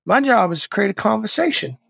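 A man's voice: high-pitched, very animated, brisk, creaky, fairly bright tone, breathy edge, no room sound, studio quality, voice pushed up, full character voice. A man voicing a tough older Navy SEAL instructor who talks in a blunt, drawling way. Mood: challenging.

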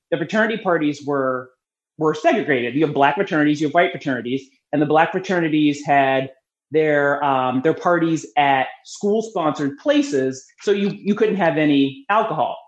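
A woman guest telling lively personal stories in a casual interview, talking freely and laughing often. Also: low-pitched. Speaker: podcast guest, beer promoter. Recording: roomy, slightly muffled.

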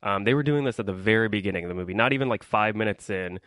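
Rambling young man, smooth voice. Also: fairly low pitch, rapid-fire, a bit bright, dry recording. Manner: rambling, frequent ums and likes, complaining. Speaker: podcast host. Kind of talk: casual solo podcast movie review.

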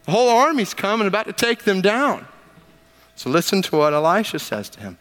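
Male pastor, slightly higher voice, preaching conversationally with wry asides; big reverberant sanctuary. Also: very animated, brisk, fairly bright tone. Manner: conversational, emphatic, with joking asides. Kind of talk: sermon with scripture reading. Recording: long reverb of a large hall.

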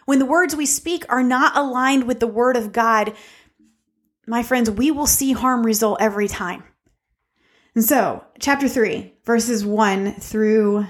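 A woman's voice: on the high side, unhurried. A woman giving a sermon in an earnest, conversational way, often speaking straight to her listeners as friends. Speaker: speaker of a devotional talk.

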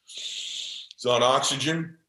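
A man's voice: mid-range voice, fairly even intonation, takes it slowly, sharp tone, echoey room, poor audio. A middle-aged man and podcast guest, telling a personal story in an intense, passionate and earnest way. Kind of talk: motivational storytelling.

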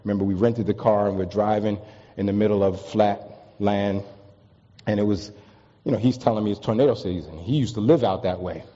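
A pastor from the East Coast preaching a sermon, telling stories with humor and building to emphatic peaks. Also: male voice, lowish voice, a little fast, dark tone. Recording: long reverb, dull lo-fi sound.

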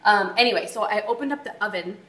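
A woman co-hosting a marriage talk, telling personal stories in a casual, animated way. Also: medium pitch. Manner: animated, talks through stories with quick asides. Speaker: marriage coach co-host. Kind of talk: casual chat, personal storytelling. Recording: echoey room with faint noise.

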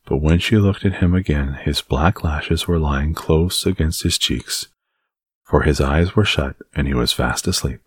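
A man reading a novel aloud as an audiobook narrator, in a calm, measured way. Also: very deep voice, slightly rough, no room sound, clean studio sound. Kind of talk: scripted narration.

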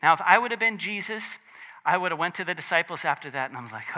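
A man preaching a conversational sermon, animated and chatty, with joking asides. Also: high-pitched, fast talker. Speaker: pastor.

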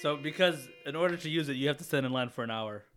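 A man's voice: medium pitch, quick pace, loud music behind the voice. A man co-hosting a podcast, trading jokes with friends and laughing often. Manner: laughs often, animated and teasing. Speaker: podcast co-host. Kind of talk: casual banter.

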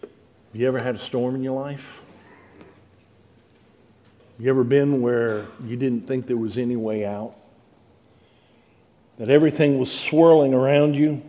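A man's voice: mid-range voice, darkish tone. A middle-aged male pastor reading scripture dramatically and preaching with rising emphasis. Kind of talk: sermon.

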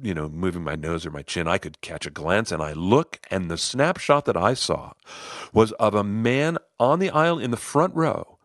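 A middle-aged man telling a personal story in an animated way, acting out the lines of other people. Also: lowish voice, moderate pace, no room sound, clean studio sound. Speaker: host, storyteller. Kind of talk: personal story told to listeners.

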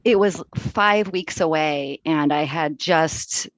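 A woman's voice: low voice, no room sound. A woman in her thirties, a runner, talking candidly as a podcast guest and often restarting her sentences. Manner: candid, halting, many restarts. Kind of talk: casual interview chat.

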